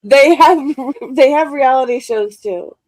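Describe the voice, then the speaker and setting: A woman's voice: high voice, slow, darkish tone, no echo. A woman co-hosting a casual group chat, playful and insistent, laughing between words. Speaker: podcast co-host.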